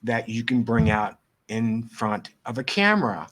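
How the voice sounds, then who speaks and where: Middle-aged male guest, lively storyteller, voices the people in his anecdotes. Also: medium pitch, measured pace. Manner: animated, acts out quoted dialogue. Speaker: photographer guest. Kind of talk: storytelling interview.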